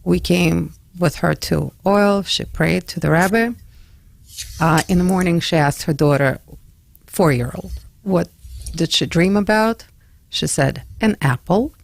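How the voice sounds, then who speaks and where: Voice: medium pitch, measured pace, vocal fry. A radio host recounting a personal story in a conversational interview, with frequent fillers.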